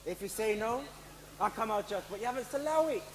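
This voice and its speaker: Male actor, Jamaican smooth-talker, sing-song high delivery, roomy noisy stage sound. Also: expressive, quick pace. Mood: flirty. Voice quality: smooth, flirtatious. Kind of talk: live stage comedy.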